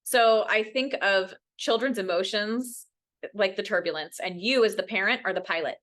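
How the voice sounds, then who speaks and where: Woman educator at a parent workshop; bright, earnest, animates quotes. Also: normal speed. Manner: earnest, often ends points with "right?"; acts out quoted voices with big pitch jumps. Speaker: mental health educator. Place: workshop room.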